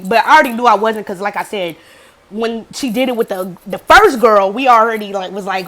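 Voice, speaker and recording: A young woman with a somewhat high voice tells a personal story to the camera in a relaxed, chatty way. She curses freely and acts out what each person said. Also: normal speed. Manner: profane, animated storytelling with acted quotes. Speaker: vlogger. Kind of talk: casual storytime monologue.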